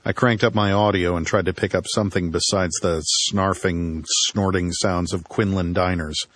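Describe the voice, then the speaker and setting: A man's voice: low voice, steady tone, moderate pace, dry recording. A man reading an audiobook in first person, with a dry, wry storytelling manner. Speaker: audiobook narrator.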